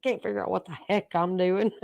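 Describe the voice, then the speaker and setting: A woman's voice: medium pitch, steady tone, normal speed, gravelly, a little mellow, dry recording. A woman with a Southern US accent co-hosting a casual livestream chat, teasing and laughing often. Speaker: livestream co-host.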